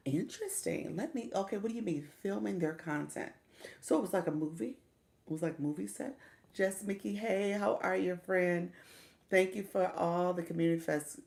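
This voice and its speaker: Chatty woman with a low, gravelly voice. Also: a little mellow. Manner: greets viewers by name, chatty and laughing. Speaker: livestream coach. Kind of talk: casual live stream chat.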